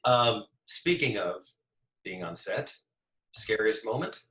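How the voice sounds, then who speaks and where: Lively-voiced male host in an echoey room. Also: lowish voice, slow pace, distant mic. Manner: brief, prompting questions. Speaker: host, artistic director. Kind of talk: interview questions.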